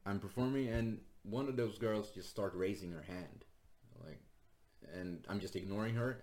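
A man's voice: deep voice, darkish tone. A man, a stand-up comedian, telling a story in casual chat, laughing often and swearing freely. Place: Sweden.

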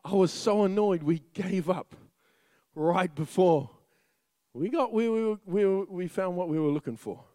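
A young man preaching a sermon as a funny story, lively and laughing often as he tells it. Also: sits high, a little slow, no room sound.

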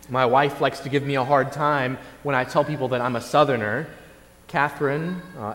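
A man from Indiana preaching a sermon, measured and reflective, with occasional fillers and repeated words. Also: mid-range voice, a little hiss or hum. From Indiana, USA. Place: church sanctuary. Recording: long reverb of a large church.

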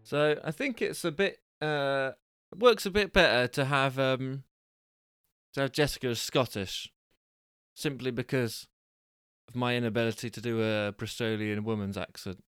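Man, storyteller, smooth clear voice, dry close sound, rambling chatty asides. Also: medium pitch, a little slow, a bit bright, no echo, faint music behind. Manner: chatty, rambling, self-deprecating. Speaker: storyteller and host. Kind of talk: reading stories aloud with asides.

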